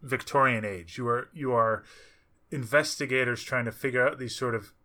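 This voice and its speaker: Man, bright and crisp, eager podcast co-host. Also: medium pitch, normal speed. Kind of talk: casual podcast chat.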